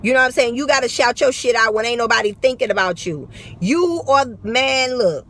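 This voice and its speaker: A woman's voice: a little high, expressive, fairly quick, a bit bright. A woman with a St. Louis accent giving blunt, profane, emphatic motivational talk in a vlog, recorded on a phone. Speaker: vlogger.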